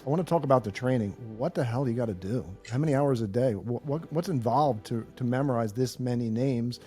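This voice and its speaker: A man's voice: mid-range voice, fairly quick, mellow, soft background music. A man hosting a podcast, asking questions in a casual, plain-spoken way. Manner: casual, slightly rough-spoken, grateful. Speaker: podcast host.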